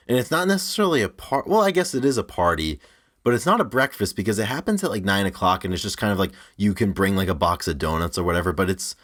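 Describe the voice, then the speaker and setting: A young man with a very low, deep voice co-hosts a casual podcast. He rambles through his stories, stumbles over his words and restarts often, and laughs along the way. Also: a bit bright. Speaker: podcast co-host.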